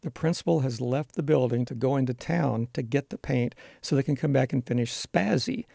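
A man's voice: medium pitch, expressive, brisk, creaky, dark tone, no echo, clean studio sound. A man who teaches school, answering interview questions in an earnest, explanatory way with frequent fillers.

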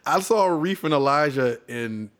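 A man's voice: a little high, measured pace, smooth. A man in casual chat, telling a story with energy and acting out what people said. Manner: animated storyteller who acts out quotes.

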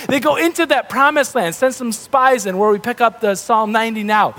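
A man preaching a sermon in a relaxed, conversational way, acting out the voices of the people in the story. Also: very high voice, a little fast, few pauses. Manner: conversational, animated, acts out grumbling voices. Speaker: pastor. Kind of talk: casual sermon.

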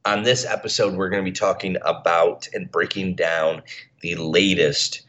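A man's voice: deep voice, fairly even intonation, normal speed, pushed and bright, a little hiss or hum. A man co-hosting a podcast in casual chat, with a groggy early-morning voice, rambling with restarts. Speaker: podcast co-host. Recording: dull lo-fi recording.

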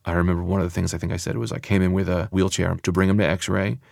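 A man's voice: sits low, little pitch movement, fast talker, creaky, a little mellow, no echo, studio quality. A man, a comedian, telling a personal story in a casual, conversational way with loose phrasing.

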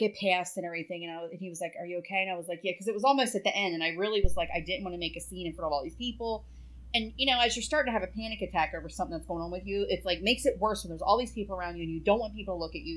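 A woman in casual chat, telling an animated personal story and swearing freely. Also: lowish voice, low-quality recording.

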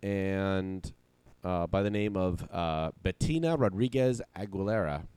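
Low-voiced guy, blunt jokey co-host, dry close mic. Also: measured pace, darkish tone, clean tone, no room sound. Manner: joking, blunt, profane. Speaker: podcast co-host. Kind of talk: casual comedy podcast chat. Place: podcast studio.

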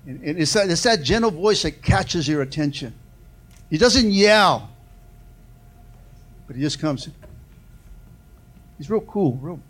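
Male pastor, sermon delivery, higher-pitched, call-and-response, big swings in volume and pace. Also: expressive, husky. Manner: preaching with call-and-response, repeated "amen" and "come on"; swings from loud and fast to soft and slow.

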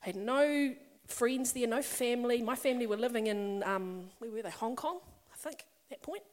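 Middle-aged female preacher, high voice, warm-chatty storytelling that swells into emphatic appeals. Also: normal speed. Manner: conversational and personal, building to emphatic passages. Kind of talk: sermon. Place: church or meeting hall with a congregation.

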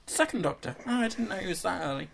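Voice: mid-range voice, animated, quick pace, creaky, slight background noise. A co-host in casual chat, hesitant with lots of ums, working through nerdy TV trivia.

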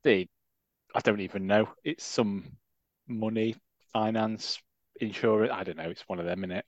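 A man's voice: lowish voice, steady tone, normal speed, no echo. A man co-hosting a casual football podcast, teasing and dry in his remarks. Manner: wry, teasing, dry understatement. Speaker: podcast co-host. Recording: dull lo-fi dry mic.

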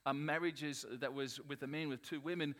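Guy preaching a sermon, kinda high voice, lively and emphatic, lots of restarts. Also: moderate pace. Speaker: pastor.

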